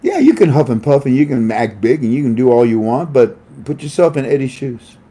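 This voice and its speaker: Guy hosting his stream, lively up-and-down voice, laughs a lot, mellow tone. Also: medium pitch, fairly quick. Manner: animated, laughs often, acts out voices. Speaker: host. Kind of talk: casual monologue.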